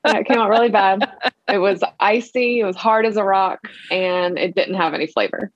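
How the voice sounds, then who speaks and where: A woman's voice: medium pitch, steady tone, normal speed, no room sound. Chatty woman, slightly dull dry recording. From Louisiana. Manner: chatty, many fillers, acts out quoted voices. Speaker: guest, ice cream entrepreneur. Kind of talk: casual interview storytelling.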